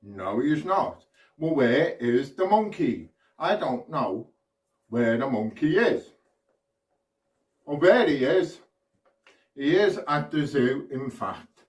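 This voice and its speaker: A man from the UK performs a magic routine for kids, with slow, playful patter and counting along. He sounds set back from the microphone in an echoey room. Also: mid-range voice, very animated, far from the mic.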